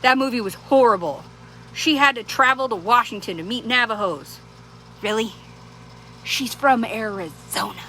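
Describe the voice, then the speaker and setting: A woman's voice: fairly high pitch, moderate pace, pushed and bright, poor audio. A woman vlogger chatting casually to the camera, rambling and laughing often, with many restarts. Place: small town in Arizona. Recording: clear background noise.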